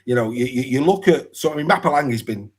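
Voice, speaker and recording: A man's voice: mid-range voice, expressive, fast, slightly rough. A man hosting a casual rugby league chat show, rambling, with many restarts and fillers. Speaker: podcast host.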